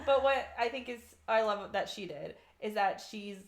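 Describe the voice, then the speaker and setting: A woman's voice: on the high side, a little fast, hardly any pauses. A woman co-hosting a casual book review podcast, often laughing and acting out characters' lines. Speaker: podcast co-host.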